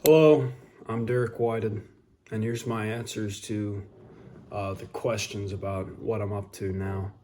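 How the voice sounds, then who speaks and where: Young man reading questions, measured. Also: lowish voice, steady tone, dark tone, a little hiss or hum. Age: young adult. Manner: measured, slightly formal, reads out each question. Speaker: high school English teacher. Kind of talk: answering questions for a video update.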